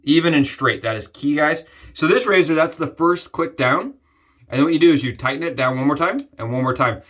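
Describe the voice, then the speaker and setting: A young man chats to the camera while he shaves, talking easily and often turning to his viewers. His voice sits a little high for a man. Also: expressive, brisk, a bit bright. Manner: chatty, keeps calling viewers "guys". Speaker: shaving vlogger. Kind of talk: casual talk to camera while shaving.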